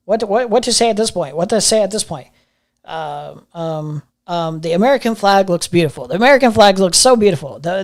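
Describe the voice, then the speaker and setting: A streamer giving live commentary on a video, sarcastic and mocking, often repeating phrases and mumbling low asides.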